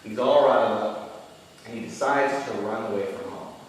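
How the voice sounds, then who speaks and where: A male comedian retelling a novel on stage, sarcastic and laughing as he goes, sometimes mumbling and sometimes shouting. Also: lowish voice, moderate pace, gravelly, heavy reverb, big-room sound, recorded from a distance, slight background noise, poor audio. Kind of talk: stand-up storytelling.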